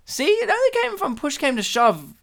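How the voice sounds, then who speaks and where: A man's voice: very high voice, wildly swooping pitch, moderate pace, vocal fry, a bit bright. A man chatting casually while watching a film, rambling and acting out silly imagined scenes. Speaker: podcast co-host. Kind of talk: casual film commentary chat.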